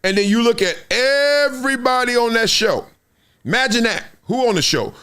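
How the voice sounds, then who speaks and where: Lively high-voiced man talking sports. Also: moderate pace, clear, resonant tone. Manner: lively storytelling, acts out quotes and sound effects. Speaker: show host, former NFL player. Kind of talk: animated sports talk monologue.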